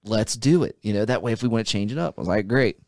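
A man co-hosting a podcast, telling stories in a profane, animated way and acting out what people said. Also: on the low side, quick pace, no echo, clean studio sound. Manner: profane, animated storyteller who acts out quotes. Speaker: podcast co-host. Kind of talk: casual podcast chat.

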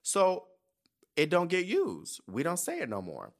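A man in his thirties hosting a podcast, telling stories in a casual, profane, animated way and acting out the people he quotes. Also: sits high, unhurried. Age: 30s. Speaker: podcast host. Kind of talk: casual chat.

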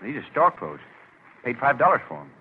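A man's voice: mid-range voice, big pitch swings, brisk. A man playing a modest, plain-spoken young printer from Vermont with a rural New England accent, in a 1940s radio drama. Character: earnest young male country printer from Vermont. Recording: tinny lo-fi old radio broadcast with faint hiss.

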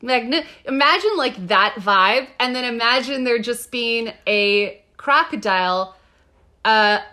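A woman co-hosting a podcast in loose, giggly chat, full of "like" and "um". Her voice sits fairly high and sounds bright and clear. She talks slowly and lingers over her words. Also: expressive. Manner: giggly, gushing, filler-heavy. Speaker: podcast co-host. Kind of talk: casual chat, reading quotes aloud.

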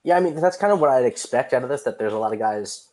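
A man's voice: medium pitch, expressive, fast, mellow. Male co-host, easygoing, mostly brief casual comments. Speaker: podcast co-host. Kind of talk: casual sports podcast chat.

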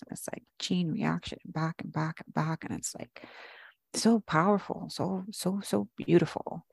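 Expressive woman with a gravelly voice. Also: fairly low pitch, measured pace, dry recording, clean studio sound. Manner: expressive, animated, swears casually. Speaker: podcast co-host. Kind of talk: casual conversational podcast.

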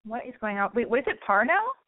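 A woman's voice: a little high, big pitch swings, quick pace. A young woman hosting a call-in show, talking in a rambling, blunt and joking way with frequent swearing. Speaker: radio call-in host. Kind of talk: casual call-in chat. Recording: thin phone-like sound.

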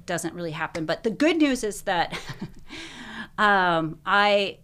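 A woman guest telling a personal story in conversation, animated and full of "like", acting out what people said. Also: mid-range voice, slow. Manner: animated retelling, acts out quoted speech, frequent "like".

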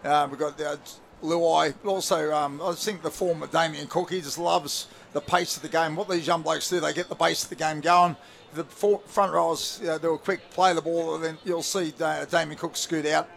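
A man's voice: a little high, fairly even intonation, normal speed, gravelly, fairly bright tone, slight background noise. A man with an Australian accent, a former player and commentator, chatting casually on radio in a laid-back way with many fillers. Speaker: rugby league commentator, studio guest.

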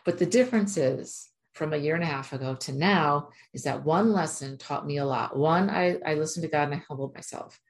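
A woman with a low, deep speaking voice tells a personal story straight to the listener. She talks in an emphatic, chatty way, leaning on fillers like "like" and pressing hard on her points. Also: brisk, few pauses. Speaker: animal communicator. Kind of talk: casual storytelling monologue.

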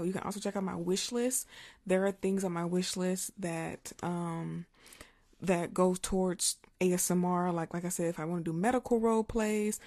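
A slightly hoarse young woman, an ASMR creator, chatting casually on a livestream in her regular voice, reading viewer comments aloud and laughing often. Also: on the low side, darkish tone. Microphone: studio mic with pop filter.

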